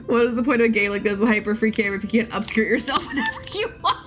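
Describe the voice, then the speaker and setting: A woman's voice: on the high side, rapid-fire, a bit bright, soft background music. A woman streaming a game, chatting casually in a crude, rambling way and laughing often. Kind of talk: casual live-stream chat.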